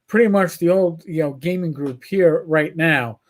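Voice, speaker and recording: This middle-aged livestream co-host talks at a moderate pace in a slightly high voice. His casual chat wanders through rambling stories, with plenty of swearing and many restarts.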